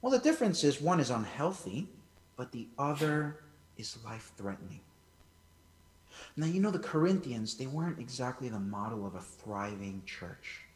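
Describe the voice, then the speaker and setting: Animated preacher in an echoey hall. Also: male voice, mid-range voice, moderate pace. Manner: animated, emphatic preaching with conversational asides. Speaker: pastor. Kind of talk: sermon. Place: church hall. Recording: echoey church hall, voice from far off.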